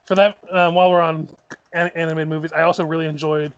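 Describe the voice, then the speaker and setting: A man playing a tabletop game, chatting in a relaxed way and thinking aloud with ums. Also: fairly high pitch, fast talker, dry recording, lo-fi sound. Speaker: player. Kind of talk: casual tabletop game chat.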